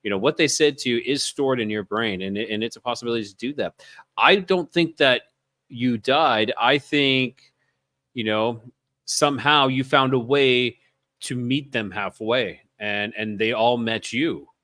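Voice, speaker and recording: A man's voice: medium pitch, unhurried, sharp tone, no room sound, clean studio sound. A man co-hosting a call-in show, talking casually and reassuringly while often repeating himself. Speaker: co-host. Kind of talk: casual talk show chat.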